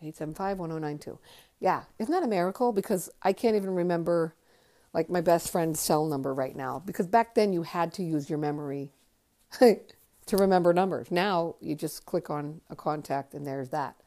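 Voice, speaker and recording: A woman's voice: fairly low pitch, moderate pace, dark tone. A tired New woman in her fifties telling a memoir story on a podcast, rambling, thinking aloud and swearing freely. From Connecticut. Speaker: podcast host. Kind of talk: casual spoken memoir storytelling.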